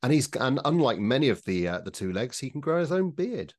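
A man co-hosting a casual panel podcast, giving measured critical opinions with frequent restarts. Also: medium pitch, big pitch swings, darkish tone. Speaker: podcast co-host.

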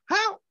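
A man's voice: no room sound, lo-fi sound. A man co-hosting a casual podcast, teasing his partner and laughing often. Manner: teasing, laughs a lot, lively. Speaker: podcast co-host. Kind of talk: casual chat.

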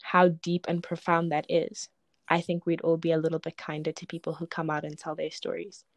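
Young woman, lively storyteller. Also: low-pitched, fairly quick, dry recording. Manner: animated, acts out quoted voices, frequent "like" and laughter. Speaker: poet and interview guest. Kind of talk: casual interview storytelling.

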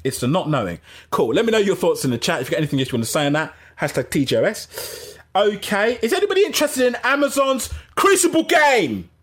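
A man hosting a casual gaming livestream, rambling and animated, often interrupting himself. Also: a little high, quick pace, breathy edge. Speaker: gaming channel host.

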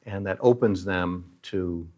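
Middle aged guy, lowish voice, earnest preacher-style talk about helping people. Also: slow, a little mellow. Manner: earnest, preacherly, tells moving stories. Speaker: leader at a Christian aid charity.

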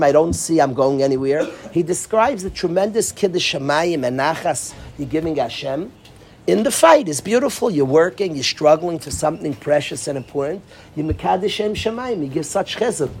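A man giving an informal talk to dorm counselors, animated, acting out quoted voices and often restarting his sentences. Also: sits high, creaky, slight background noise. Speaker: yeshiva speaker addressing dorm counselors.

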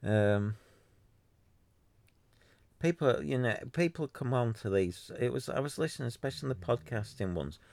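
A man's voice: mid-range voice, animated, moderate pace, creaky, long pauses, a little mellow, no room sound. A man hosting a solo podcast, ranting in an exasperated, sarcastic way and rambling with many restarts. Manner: exasperated, sarcastic, mocks others in put-on voices. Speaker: podcaster running a free website.

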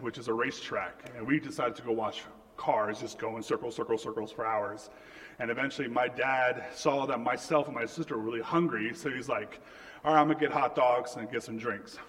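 Casting note: young male pastor, mid pitch, storytelling sermon, echoing sanctuary. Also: fairly quick. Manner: storytelling, animated quoting of family. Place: church sanctuary. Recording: reverberant church hall.

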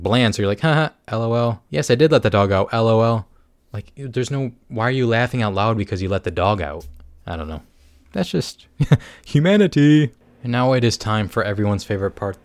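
A man's voice: fairly low pitch, no room sound. A young man hosting a casual solo podcast, rambling and joking at his own expense, with lots of "like". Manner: rambling, self-mocking, lots of "like". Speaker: podcast host.

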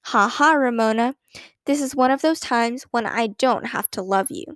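Storybook girl of ten, shy and thoughtful, soft and hushed, pitched high, read by a woman narrator. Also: moderate pace, dry recording, clean studio sound, close to an everyday voice. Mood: relieved.

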